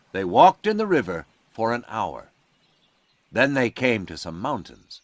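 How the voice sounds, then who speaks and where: Slow, expressive male storyteller. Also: on the low side, no echo. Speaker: narrator. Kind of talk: slow graded-reader story narration.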